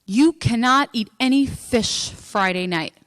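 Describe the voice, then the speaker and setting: A woman's voice: fairly high pitch, unhurried, fairly bright tone, big-room sound. A woman voicing a stern middle-aged male priest in a told joke, speaking in firm, commanding lines.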